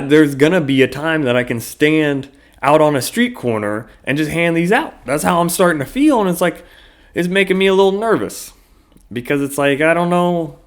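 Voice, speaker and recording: A man hosting his own podcast in a casual solo monologue, rambling loosely with lots of fillers and frequent swearing. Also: fairly high pitch. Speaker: podcast host.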